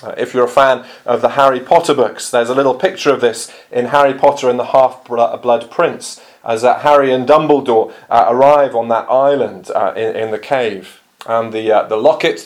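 Preacher, male, mid-pitched, earnest and measured sermon delivery, some hesitations. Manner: measured, earnest preaching with frequent ums and uhs.

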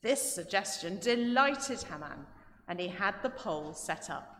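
A woman's voice: medium pitch, unhurried, a little hiss or hum. Woman reading scripture in church. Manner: steady, formal reading. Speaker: scripture reader. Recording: echoey church hall with long reverb.

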